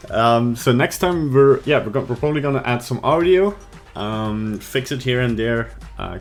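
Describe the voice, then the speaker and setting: A man with a low voice talks through a live stream in a loose, rambling way, full of ums and uhs. Faint music sits behind him. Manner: relaxed, rambling, full of fillers. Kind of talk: casual live-stream chat and narration.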